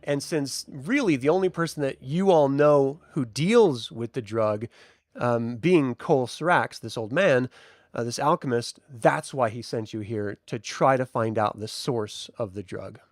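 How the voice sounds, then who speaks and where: A man running a tabletop game as storyteller, narrating scenes in a relaxed, chatty way with frequent fillers. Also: mid-range voice, unhurried, no room sound, clean studio sound. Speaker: game master.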